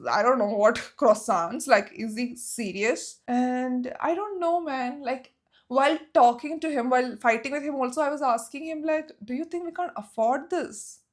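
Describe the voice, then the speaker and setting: A young woman recounts a story for her vlog, her voice set a little high. She talks in an animated, exclaiming way and keeps turning to her viewers with rhetorical questions. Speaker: vlogger. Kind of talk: storytime vlog, casual chat.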